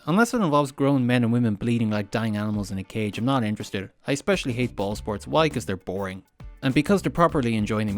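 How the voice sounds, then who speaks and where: A man with a Limerick Irish accent hosting a comedic narrated vlog, dry, sardonic and profane. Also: fairly low pitch. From Ireland. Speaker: host.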